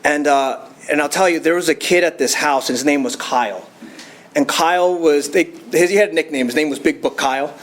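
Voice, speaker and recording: A man's voice: fairly high pitch, a little fast, fairly bright tone. A young man telling his personal recovery story to a meeting, casual and chatty with fillers and laughs. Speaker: AA speaker.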